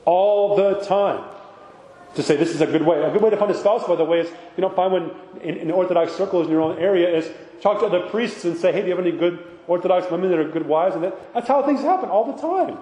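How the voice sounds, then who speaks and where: Male priest, casual sermon delivery with rhetorical asides; higher-pitched, roomy reverberant hall. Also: fast, hardly any pauses, dark tone. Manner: conversational, rhetorical "right?" asides. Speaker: Orthodox priest. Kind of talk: informal sermon talk. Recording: echoey hall with long reverb.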